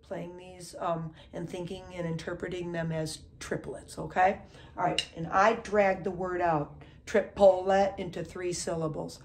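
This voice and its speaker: A woman's voice: fairly low pitch, level tone, moderate pace, slight background noise. A woman teaching drums in a casual way, often checking in with "okay?" and counting beats aloud. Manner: counts aloud loudly over drumming, says "okay?" often. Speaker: drum teacher. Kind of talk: casual instructional talk. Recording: drums playing under the voice.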